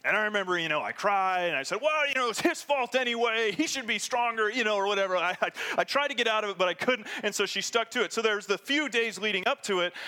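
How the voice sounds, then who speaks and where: A man preaching a sermon as pastor, animated, dropping from loud emphasis to hushed near-whispers and acting out prayers in quoted voices. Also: sits high.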